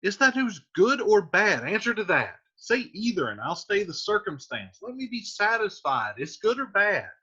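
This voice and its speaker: A man's voice: high-pitched, sing-song, moderate pace, hardly any pauses, bright, forceful tone, husky, pitched above the performer's own voice, heavily acted. A man voicing an impatient young girl in love, pleading and insistent as he reads the lines aloud in a lesson. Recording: muffled lo-fi recording.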